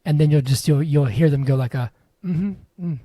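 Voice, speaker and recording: A man's voice: mid-range voice, fairly even intonation, quick pace, dark tone, no echo. A young man co-hosting a podcast, chatting casually and joking around with wheezy laughs. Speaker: podcast co-host. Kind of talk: casual chat.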